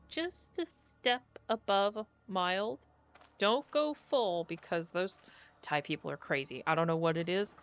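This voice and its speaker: A young woman streaming as she plays, chatting casually and getting easily excited as she muses aloud. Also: medium pitch. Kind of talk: casual stream chat while playing. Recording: dull lo-fi audio with faint music.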